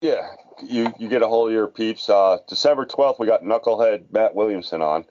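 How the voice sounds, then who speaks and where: A man's voice: on the low side, moderate pace, muffled recording, background noise. A man co-hosting a casual racing podcast, chatty and full of offhand wisecracks. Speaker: podcast co-host.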